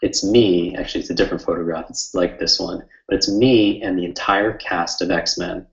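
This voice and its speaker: Deep-voiced male webinar host, earnest and rambling storyteller; roomy, slightly muffled recording. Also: steady tone, normal speed, gravelly. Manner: earnest, heartfelt, rambling with many fillers. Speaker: memory coach hosting a webinar. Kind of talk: personal storytelling to an online audience. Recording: roomy, slightly dull sound.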